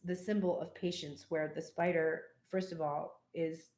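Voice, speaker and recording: A woman's voice: low voice, unhurried. Chatty woman reading tarot, roomy sound. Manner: chatty and animated, frequent laughter and cheeky asides. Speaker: tarot reader. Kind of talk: casual live tarot reading.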